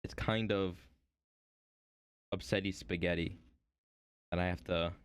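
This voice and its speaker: A man's voice: low voice, steady tone, unhurried, smooth. A man streaming himself woodcarving at home, chatting to viewers in a rambling, playful way. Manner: rambling, playful, talks to chat. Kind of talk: casual chat while woodcarving.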